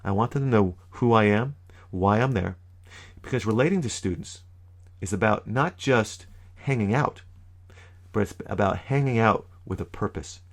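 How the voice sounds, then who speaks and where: A man giving an animated, emphatic youth ministry training talk, with sudden loud bursts. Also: on the low side, normal speed. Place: lives in New York.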